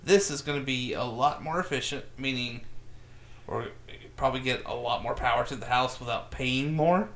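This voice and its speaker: A man co-hosting a podcast, telling a science story in a joking, animated way. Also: medium pitch, moderate pace. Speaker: podcast co-host. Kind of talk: casual chat, news segment.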